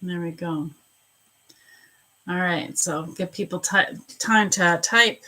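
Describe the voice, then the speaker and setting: A woman with a bright, forceful voice that sits a little low, hosting a live angel card reading. She chats loosely and calls out viewers by name between readings. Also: slow, low-quality recording. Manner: chatty, greets viewers by name while reading. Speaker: psychic reader hosting a live stream.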